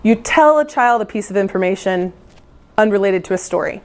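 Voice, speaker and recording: A woman, a music teacher, giving a lively storytelling lesson to other teachers and acting out how children react. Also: medium pitch, brisk. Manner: animated, playful, acts out children's reactions.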